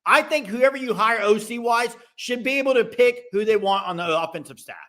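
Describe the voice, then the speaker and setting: A man hosting a casual sports podcast with live call-ins, talking in animated bursts with quick restarts. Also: very high-pitched.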